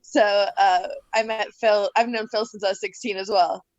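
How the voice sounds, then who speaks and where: A woman's voice: mid-range voice, steady tone, moderate pace, no room sound, lo-fi sound. A woman in her twenties, a guest fighter, chatting casually on a video call from bed, laughing often. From Canada, grew up in Florida. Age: 20s. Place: in bed at home.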